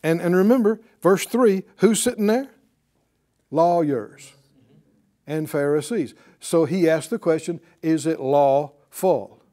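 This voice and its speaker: A man's voice: on the high side, takes it slowly. A man preaching a sermon, calling out to his congregation for responses. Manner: animated, calls for responses from the congregation.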